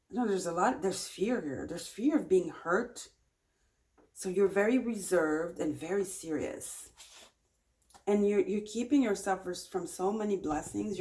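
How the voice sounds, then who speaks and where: A woman's voice: medium pitch, a little mellow. Chatty woman giving a tarot reading. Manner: chatty, encouraging, repeats phrases often. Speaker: tarot reader. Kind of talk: casual pick-a-card tarot reading.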